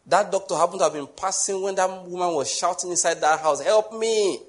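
Animated preacher man, slightly high voice. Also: fast talker. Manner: animated, asks rhetorical questions, acts out little scenes. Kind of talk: sermon.

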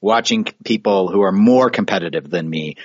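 A man's voice: sits low, a little mellow, breathy edge, no room sound. Man, podcast host, casual chat, thoughtful, dry sound, a little lo-fi. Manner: thoughtful, measured, cautionary. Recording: slightly dull lo-fi audio.

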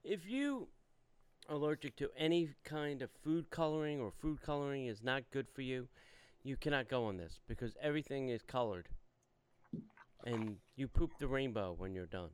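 Brief: smooth, clear male co-host, easygoing, dry close mic. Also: medium pitch, expressive, normal speed, no echo. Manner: laid-back, agreeable, hedging. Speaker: podcast co-host. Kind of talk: casual chat.

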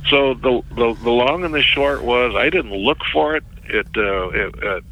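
A middle-aged man, a ministry worker, recounting a story as an interview guest in a halting way, often repeating words. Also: medium pitch, highs cut off.

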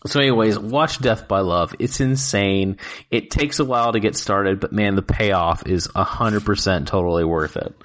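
A man co-hosting a casual podcast, excitable, swearing freely and laughing often. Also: on the low side, moderate pace. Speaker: podcast co-host reviewing films. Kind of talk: casual chat.

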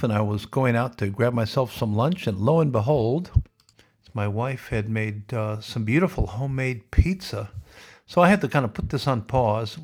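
A man hosting a podcast, delivering a sardonic, opinionated rant. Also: mid-range voice. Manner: sardonic, ranting. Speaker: podcast host. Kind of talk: opinionated monologue.

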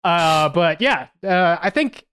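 A man's voice: sits high, animated, takes it slowly, fairly bright tone, clear, resonant tone, no room sound. A man co-hosting a podcast, reviewing a film in casual chat with many hesitations and fillers. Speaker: podcast co-host.

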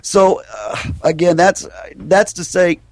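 A middle-aged man, a hypnosis trainer and guest, telling stories in an animated way and acting out the voices of the people in them. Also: high-pitched, slow pace, no echo. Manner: lively, acts out the voices of people in his stories. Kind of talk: animated storytelling in a podcast interview.

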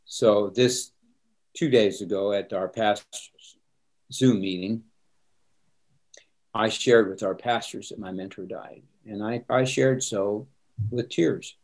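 Slow and a little mellow, this lowish-voiced middle-aged pastor answers interview questions with vocal fry and long pauses. He's earnest and reflective, often repeating words at the start of his sentences.

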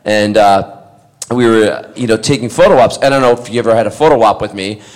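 A middle-aged man, born in Scotland, spins a casual panel anecdote. His voice sits a little low, and he stays animated, slipping into other people's voices and breaking into laughter. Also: fairly quick. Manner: animated storyteller, acts out voices, laughs often. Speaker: actor telling convention stories.

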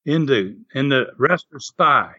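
An older man, a former wrestler telling animated stories in an interview and laughing often. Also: mid-range voice, unhurried, breathy edge, highs cut off. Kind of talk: storytelling interview.

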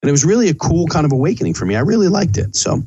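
A man's voice: fairly high pitch, big pitch swings, rapid-fire, warm tone, breathy edge, no room sound, lo-fi sound. A middle-aged man, a chef, hosting a casual podcast in a loose, rambling, chatty way.

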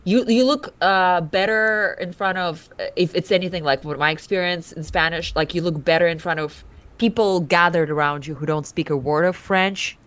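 A woman's voice: lowish voice, normal speed, fairly bright tone. A woman co-hosting a podcast, chatting loosely and introducing a guest. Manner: chatty, restarts often, reads introductions loosely. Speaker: podcast co-host. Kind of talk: casual podcast chat.

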